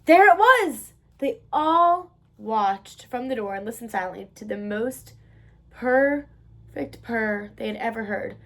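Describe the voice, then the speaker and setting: A woman from the United States reading a children's picture book aloud, expressive and sing-song. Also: on the high side, slow pace. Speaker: children's book reader, channel host. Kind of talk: read-aloud storytelling.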